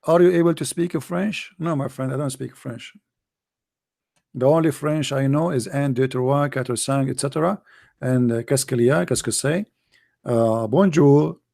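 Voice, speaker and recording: A man's voice: mid-range voice, normal speed, creaky, a little mellow. A middle-aged man with an Arabic accent, hosting a call-in show and giving a polemical religious talk in a mocking, emphatic way with broken grammar.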